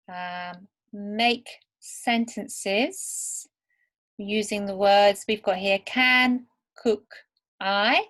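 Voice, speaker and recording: Woman English teacher for beginners, slow deliberate pace, fairly high voice. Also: a bit bright. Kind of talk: slow, clear lesson for beginner learners.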